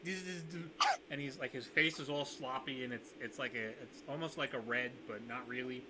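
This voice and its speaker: Over a video call with heavy background noise, a male game master narrates a tabletop game briskly in a medium-pitched voice with fairly even intonation. His delivery wanders, full of fillers and restarts.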